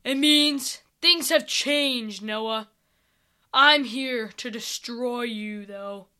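A menacing ice king who makes slow, deliberate pronouncements, voiced by a woman reading a story. The voice sits high and bright for a villain. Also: clear, resonant tone, full character voice. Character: icy king, cold and menacing, male.

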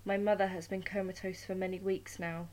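A woman's voice: medium pitch, level tone, fairly quick, a little mellow, lightly acted. A woman voicing a nervous young male thief in a storybook reading, stammering and anxious.

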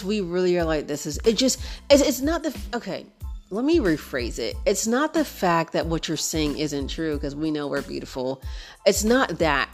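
A young adult woman hosting a podcast in a casual chat, talking in a relaxed, animated way, with features, and switching into voices when quoting friends. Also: deep voice. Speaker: podcast host.

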